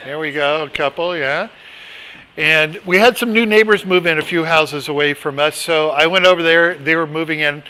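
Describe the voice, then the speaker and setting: Middle-aged man, Bible study leader, rambling and chatty, bright voice, a bit high. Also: moderate pace, smooth. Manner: chatty, rambling, with asides and restarts. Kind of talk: casual Bible study teaching.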